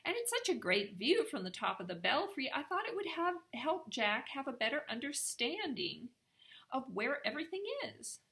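A woman's voice: sits high, big pitch swings, normal speed, fairly bright tone, pitched above the performer's own voice, exaggerated voice. A woman voicing a cheeky, grumbling young male creature. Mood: innocent.

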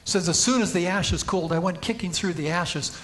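A man's voice: sits high, a little fast, a bit bright, a little hiss or hum. A man preaching a sermon in a church, telling a story and rising to emphatic peaks. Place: church sanctuary.

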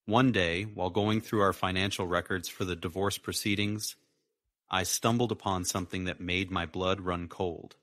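A man narrating a first-person story in a plain, steady way. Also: low voice, moderate pace, no room sound, studio quality.

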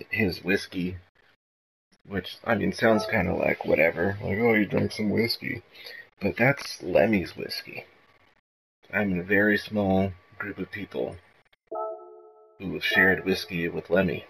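Slow-talking man on a gaming vlog. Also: low-pitched, steady tone, creaky, fairly bright tone, a little hiss or hum, poor audio. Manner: rambling, profane, self-mocking. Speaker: gaming video host. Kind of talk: casual gameplay commentary.

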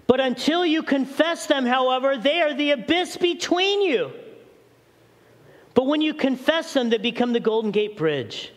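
Male pastor, high tenor, emphatic sermon delivery, echoing sanctuary. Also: animated, normal speed. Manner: preaching with acted prayers and rising emphasis. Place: church sanctuary.

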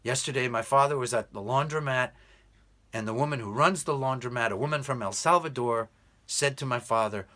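A man from the United States speaks in a bright, forceful tone, pressing his points in an earnest political monologue. He slows down to lean hard on key phrases and keeps an urgent, appealing edge throughout. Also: mid-range voice. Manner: earnest, urgent, emphatic with slow deliberate stresses. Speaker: English tutor.

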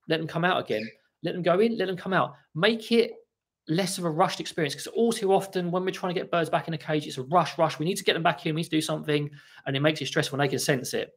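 In a high, husky voice, a man answers viewers' questions during a casual livestream from his home, where parrots share the room. He's chatty, frequently restarts his sentences, and turns to talk to his birds between answers.

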